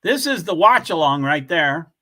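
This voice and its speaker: Chatty, bright-voiced livestream host man. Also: a little high, very animated, moderate pace. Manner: chatty, reads viewer comments aloud, blunt. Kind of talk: casual livestream commentary.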